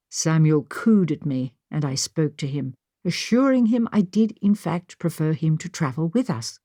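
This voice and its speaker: Woman audiobook narrator, first-person period mystery, lively and expressive, low-set voice. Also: moderate pace, hardly any pauses, no room sound, studio quality. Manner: expressive storytelling. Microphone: studio microphone.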